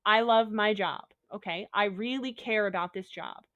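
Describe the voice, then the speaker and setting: A woman's voice: mid-range voice, normal speed, fairly bright tone, no echo, muffled recording. A woman teacher giving a recorded online lesson, upbeat and a little goofy, talking students through examples step by step.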